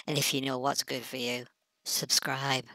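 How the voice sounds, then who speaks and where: A woman putting on a gruff, deep announcer voice, mock-threatening. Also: flat delivery, normal speed, pushed and bright, no echo, full character voice. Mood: mock menace.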